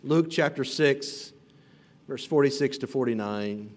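A man's voice: mid-range voice, measured pace. A man preaching an expository sermon as pastor, earnest and building emphasis on repeated phrases. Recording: long reverb of a hall.

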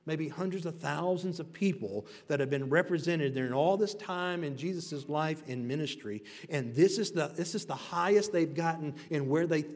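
Pastor guy preaching, kinda high voice, swings loud then hushed, big hall reverb. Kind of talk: sermon. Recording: long reverb of a large hall.

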